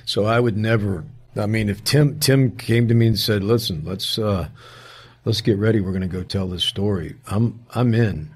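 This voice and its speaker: Appearing as a guest in an interview, an actor casually recounts an animated story, voicing the people in it and often starting his sentences over. He speaks at a normal speed in a husky voice on the low side.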